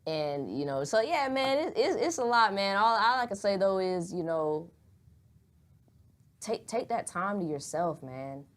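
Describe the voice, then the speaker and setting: A woman's voice: mid-range voice, big pitch swings, measured pace. A young woman, talking candidly and at rambling length in a casual podcast chat, swearing freely. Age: young adult.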